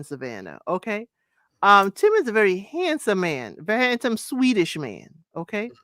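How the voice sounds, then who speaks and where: A co-host in a casual live podcast chat, retelling stories in an emphatic, drawn-out way. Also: mid-range voice, bright, forceful tone, dry recording, studio quality.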